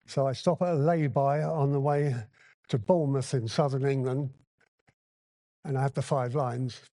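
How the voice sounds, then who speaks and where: A man's voice: mid-range voice, fairly even intonation, normal speed, warm tone, no echo. A man sharing his recovery story at a convention, telling it bluntly and candidly and acting out the dialogue. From Hong Kong. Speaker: recovery meeting speaker. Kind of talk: personal recovery share at a convention. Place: convention hall.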